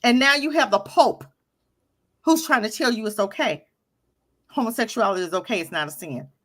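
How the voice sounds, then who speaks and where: A woman co-hosting an online talk radio show, reacting to a clip with animated, emphatic indignation. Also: fairly high pitch, normal speed. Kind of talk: casual opinion talk, commenting on a played clip.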